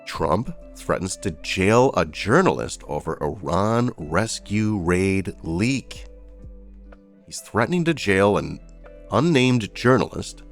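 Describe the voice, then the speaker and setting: A man's voice: fairly low pitch, big pitch swings, slow, faint music behind. A man reading out daily headlines and breaking off into sarcastic, informal asides as a news commentator. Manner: reads headlines then adds sarcastic asides.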